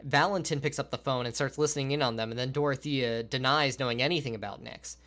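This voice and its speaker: A man's voice: medium pitch, quick pace, a bit bright. A man co-hosting a podcast, recapping a horror film plot with casual enthusiasm. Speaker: podcast co-host. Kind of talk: casual movie-review chat.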